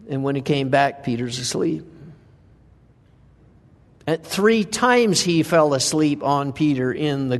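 Preacher with a higher voice in a reverberant hall. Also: male voice. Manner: asks the listeners frequent rhetorical questions. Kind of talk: conversational sermon with scripture reading. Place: church sanctuary.

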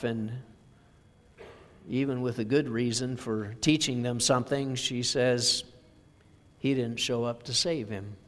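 Slow-speaking preacher in a reverberant church. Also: male voice, medium pitch. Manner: slow, measured storytelling with scripture reading. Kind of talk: sermon. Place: church sanctuary.

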